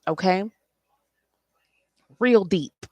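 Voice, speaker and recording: A woman's voice: medium pitch, drawn-out words, a little mellow, no room sound. A woman, hosting a spiritual late-night talk in an impassioned, preachy way and swearing freely. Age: 40s. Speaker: spiritual host.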